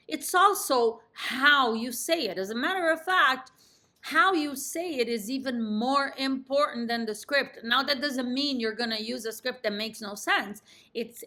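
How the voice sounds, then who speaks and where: A woman coaching real estate agents in an emphatic, confident talk that drops in pitch at the end of each sentence. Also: bright, forceful tone. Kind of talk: instructional talk to camera.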